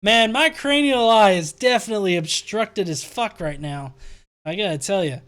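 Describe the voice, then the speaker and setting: A young man hosts a casual live stream, reading viewer comments aloud and reacting with sarcastic laughter. His talk is loose and profane, broken up by chuckles and throat-clearing. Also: high voice, moderate pace, fairly bright tone. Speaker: show host.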